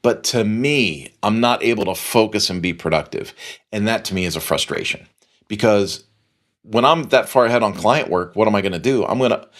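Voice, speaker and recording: A man's voice: on the low side, normal speed, a bit bright. A middle-aged man hosting a podcast, telling a long story in a casual, rambling way and repeating phrases for emphasis. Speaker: podcast host.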